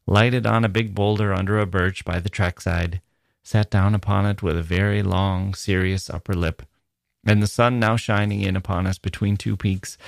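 A man reading a classic novel aloud as an audiobook narrator, in a measured, steady storytelling manner. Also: on the low side, gravelly, no room sound, studio quality. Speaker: audiobook reader.

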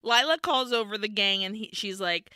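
A woman's voice: mid-range voice, moderate pace, clean tone, no room sound, studio quality. A woman co-hosting a podcast, recapping a film in casual chat and acting out the characters' lines. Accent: American. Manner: animated storyteller acting out characters. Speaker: podcast co-host.

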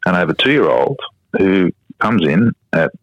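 Deep-voiced Australian man in his fifties. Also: big pitch swings, moderate pace, a bit bright, dry recording. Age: 50s. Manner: storytelling, mimics his children in a high voice. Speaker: guest. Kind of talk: casual interview chat. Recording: slightly dull podcast audio.

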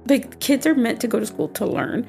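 Young woman with a gravelly voice. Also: on the high side, animated, a little fast, darkish tone, soft background music. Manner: conversational, loose, with frequent fillers and restarts. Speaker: podcast co-host. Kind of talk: casual chat.

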